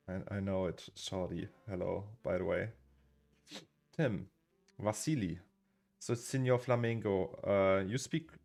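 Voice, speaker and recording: A man's voice: lowish voice, fairly bright tone. A man in his thirties from Germany, chatting casually on a live stream, rambling and reading out chat names with frequent chuckles. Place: home studio. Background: faint music.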